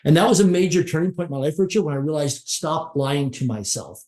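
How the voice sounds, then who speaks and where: A man's voice: fairly high pitch, brisk, darkish tone. A middle-aged man telling a motivational story as a podcast guest, stacking short repeated phrases for emphasis. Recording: roomy echo.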